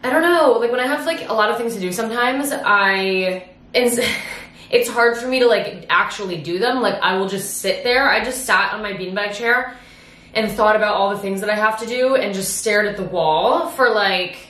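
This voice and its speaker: Her voice is mid-range and fairly bright, moving at a normal speed. Vlogging from home and her car, this young woman rambles in casual chat, pokes fun at herself, laughs a lot and swears without hesitation, while the echoey room carries faint ambient noise.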